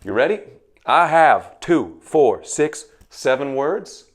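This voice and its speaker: Man barking slow pronunciation drills. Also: medium pitch, very animated. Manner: barked commands, slow drilled word lists. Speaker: English teacher. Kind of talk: drill-sergeant pronunciation lesson.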